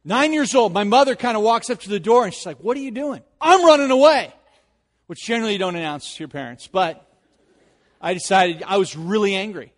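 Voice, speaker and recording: Animated preaching man in a reverberant hall. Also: sits high, fairly quick. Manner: animated storytelling, rising loud in anecdotes. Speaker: pastor. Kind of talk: sermon.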